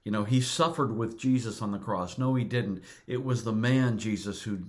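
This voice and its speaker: A middle-aged male pastor preaching a sermon, earnest and deliberate, repeating words for emphasis. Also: fairly low pitch, a little mellow.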